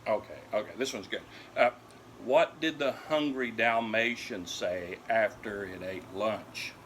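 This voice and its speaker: A man's voice: fairly low pitch, a little slow, a bit bright, slight background noise. An older man telling corny dog jokes at home to his dogs, laughing at his own puns and then explaining them. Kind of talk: corny joke routine.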